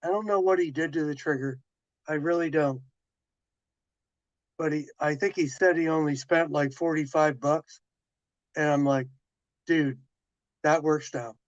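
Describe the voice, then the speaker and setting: Guy rambling thru a story to his stream chat, lots of restarts, kinda higher voice, dull lo-fi mic. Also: steady tone, normal speed, pauses often, no room sound. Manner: rambling, with restarts and quoted dialogue. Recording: dull lo-fi dry sound.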